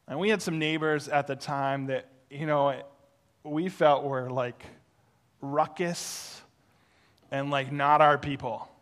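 A male pastor preaching through a personal story, animated and self-deprecating, acting out the voices he quotes. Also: fairly high pitch, slow pace. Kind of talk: sermon storytelling.

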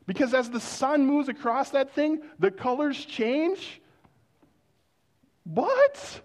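A male pastor preaching a sermon in a conversational storytelling way, dropping to hushed exclamations of wonder. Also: very high voice, fairly even intonation, unhurried.

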